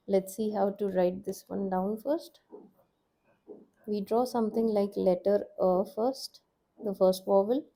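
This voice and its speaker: A woman's voice: medium pitch, fairly even intonation, measured pace, gravelly, dark tone. A young woman teaching a language lesson, explaining how to write letters step by step and patiently repeating each sound.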